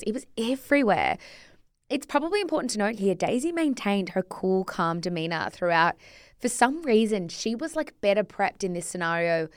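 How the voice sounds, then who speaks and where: A woman co-hosting a podcast reads through a scripted history story in a smooth, clean, fairly low voice. She keeps it chatty and drops into casual asides. The sound is dry and close, with no room around it. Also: dry recording. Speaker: podcast co-host.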